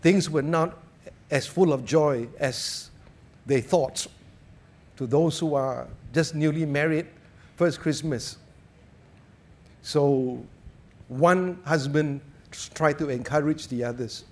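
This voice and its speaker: A man preaching a sermon, telling stories and jokes in an animated way. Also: fairly high pitch, slow, long pauses.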